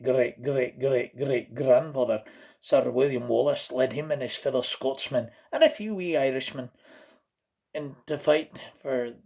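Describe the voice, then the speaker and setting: A proud, boastful Scotsman, as a man puts him on, speaking with a put-on Scottish accent in a deep, rolling storytelling voice. A gravelly rasp sits under his mid-range pitch. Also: a little mellow.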